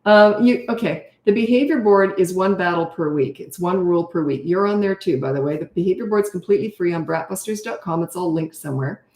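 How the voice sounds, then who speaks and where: A woman's voice: on the low side, a little fast, few pauses, darkish tone. A middle-aged woman, a parenting coach, answering viewer questions in a blunt, direct way and often adding "okay?" or "right?". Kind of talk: live Q&A, answering viewer comments. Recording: roomy echo.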